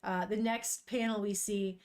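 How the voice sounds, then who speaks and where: A woman's voice: medium pitch, fairly even intonation, unhurried, a little mellow. A young woman on a live stream, chatting casually with viewers while reading a manga aloud and swearing now and then. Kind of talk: casual live-stream chat and read-along.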